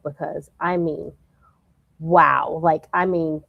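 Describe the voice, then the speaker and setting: A woman's voice: sits low, fairly even intonation, unhurried, creaky, no room sound, lo-fi sound. Blunt woman reacting on a review show. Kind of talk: casual chat.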